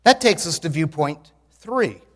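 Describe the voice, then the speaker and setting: A man in his sixties preaching a sermon in a church, telling stories in an animated way with dry humor and bursts of loud exclamation. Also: on the high side, a little slow, long reverb tail. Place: church sanctuary.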